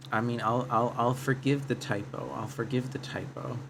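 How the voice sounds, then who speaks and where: A man's voice: mid-range voice, level tone, normal speed, creaky, a bit bright, slight background noise. A man casually streaming a game, thinking aloud and reading chat, often repeating himself. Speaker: livestreamer. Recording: guitar music playing under voice.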